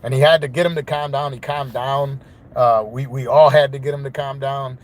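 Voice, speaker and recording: A man holds forth as a podcast host, telling his side of a story in a loose, wandering monologue. His speech is peppered with curses and he keeps checking in with the listener. His pitch sits in an ordinary middle range. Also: fairly even intonation, moderate pace. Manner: profane and rambling, with frequent "you know what I mean".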